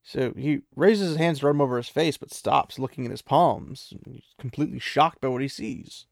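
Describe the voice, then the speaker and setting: A man retells a fantasy story in a loose, chatty way. His voice is gravelly and sits at a middle pitch. The sound is dry and close. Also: moderate pace, darkish tone, no echo. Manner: chatty, loose, with many "he's like" asides.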